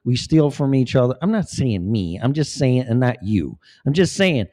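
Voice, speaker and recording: A man's voice: medium pitch, big pitch swings, normal speed, mellow. A man talking in a rambling, profane, preachy monologue as a vlogger. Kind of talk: casual monologue.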